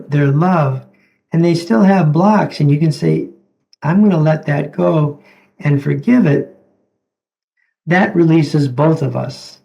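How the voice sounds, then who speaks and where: A man who is a doctor, speaking as an interview guest, telling stories in a gentle, halting way that repeats words. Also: fairly high pitch, creaky, highs cut off. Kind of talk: reflective storytelling in conversation.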